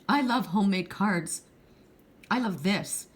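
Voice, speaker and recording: A woman's voice: mid-range voice, expressive, unhurried. A middle-aged woman giving a heartfelt, rambling pick-a-card reading, tearful at times. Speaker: tarot card reader.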